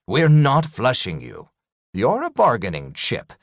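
A man's voice: mid-range voice, wildly swooping pitch, unhurried, dry recording, studio quality, voice pushed up. An audiobook narrator playing a stern male wizard who gives curt, commanding threats.

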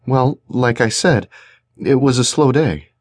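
A man's voice: mid-range voice, lively intonation, a little slow, no room sound, clean studio sound, voice pushed up. A man voicing a short, cocky male thug who taunts his victim with a gun. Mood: taunting. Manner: taunting, mocking.

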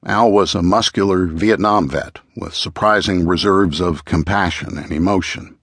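A man narrating a true-crime audiobook in a measured, even storytelling manner, close to a studio mic. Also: low-pitched, husky, no echo.

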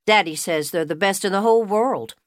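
A woman's voice: medium pitch, fairly quick, no echo, studio quality, lightly acted. A woman voicing a chatty shop owner. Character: young woman beauty shop owner, cheerful but anxious.

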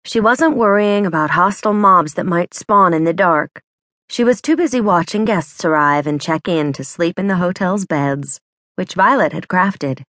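A woman narrating a children's adventure audiobook in clear, measured storytelling. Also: fairly low pitch, a bit bright, no echo, studio quality. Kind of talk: scripted narration.

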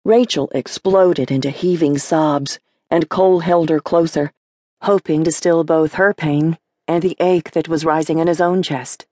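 A woman narrating a horror novel audiobook in a measured storytelling manner. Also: deep voice, fairly even intonation, a little mellow, no echo, studio quality. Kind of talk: scripted narration.

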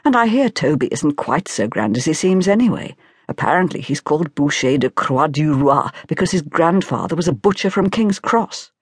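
Whispered role-play, gossiping society woman, read by a woman, hushed, audiobook. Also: low voice, very animated, normal speed, husky, no echo, studio quality, exaggerated voice. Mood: gossipy.

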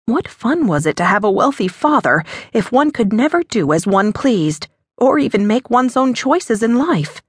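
Expressive woman narrating a romance. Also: on the high side, normal speed, few pauses, slightly rough, dry recording, clean studio sound. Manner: expressive, lilting storytelling. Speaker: audiobook narrator. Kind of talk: scripted narration.

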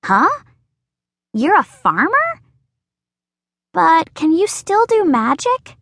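A woman voicing an excitable, dramatic young girl who talks in a shrill, breathless way. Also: slow pace, dry recording, heavily acted. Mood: eager.

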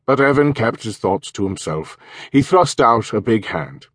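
A man narrating an audiobook in a measured, even reading. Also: medium pitch, breathy edge, dry recording, studio quality. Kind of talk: scripted narration.

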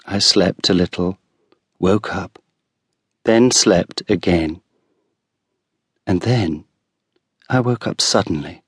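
A man narrating a first-person story for an audiobook with clear, deliberate delivery. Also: deep voice, a bit bright, dry recording, clean studio sound. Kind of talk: scripted first-person narration of a graded reader.

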